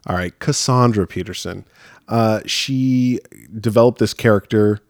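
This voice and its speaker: A man hosts a casual horror podcast in a somewhat low voice, wandering through his points with ums and restarts. The sound is dry and close to the mic. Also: measured pace, creaky, darkish tone, no room sound. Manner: rambling, many fillers. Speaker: podcast host. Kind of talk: casual chat.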